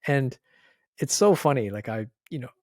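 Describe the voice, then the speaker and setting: A man's voice: mid-range voice, animated, normal speed, darkish tone, no echo, studio quality. A middle-aged Canadian man co-hosting a podcast, chatting casually and telling stories animatedly, mimicking others and laughing often. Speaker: podcast co-host. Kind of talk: casual chat.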